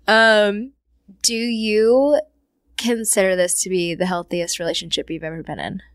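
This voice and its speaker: A woman's voice: medium pitch, steady tone, measured pace, clean tone, dry recording, clean studio sound. A woman hosting a casual podcast chat, emotional and often laughing, swearing casually. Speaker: podcast host.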